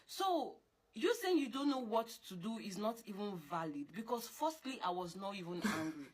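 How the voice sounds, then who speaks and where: A young woman, talking in an animated, scolding way, repeating her points and jumping up in pitch when she insists. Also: moderate pace. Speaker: girlfriend in a couple argument. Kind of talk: casual heated monologue.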